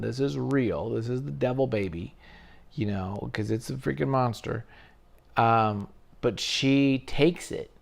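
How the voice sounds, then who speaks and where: A man's voice: medium pitch, gravelly. A man hosting his own channel, rambling casually and swearing lightly as he talks through a story late at night. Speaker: video essay host.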